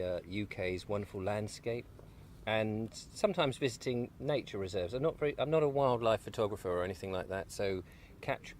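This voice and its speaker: Guy rambling and joking over breakfast outdoors, lowish voice, bit of background noise. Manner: rambling, jokey, talks while eating. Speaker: guest, video maker. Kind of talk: casual outdoor chat. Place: outdoors on an allotment.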